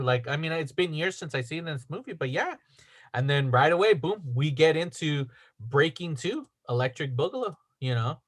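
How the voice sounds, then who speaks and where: A man's voice: a little high, animated, moderate pace, a bit bright. A man casually recapping a movie on a podcast, rambling with lots of fillers. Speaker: podcast co-host.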